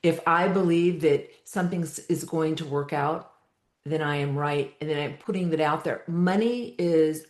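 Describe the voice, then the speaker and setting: A woman guest, a wealth advisor, calmly explaining her views in a podcast interview. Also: sits low, measured pace. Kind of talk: interview conversation. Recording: echoey room sound.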